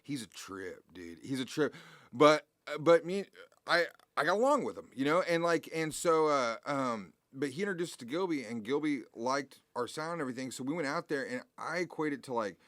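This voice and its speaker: A man's voice: on the high side, animated, a little fast, a bit bright, no room sound. A man talking as a guest musician in a casual interview, rambling and heartfelt, with many restarts and swearing.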